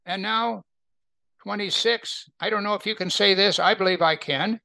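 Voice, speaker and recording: A man's voice: high voice, normal speed, vocal fry, pushed and bright, no echo. An older man teaching a Bible study in a conversational way, often checking in with his listeners. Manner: conversational, asks listeners to agree.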